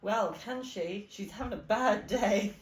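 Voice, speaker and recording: A woman's voice: mid-range voice, a little slow. A woman playing a tabletop game, chatty and giggling with the group. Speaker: player. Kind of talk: casual tabletop play. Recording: echoey room from a distant mic.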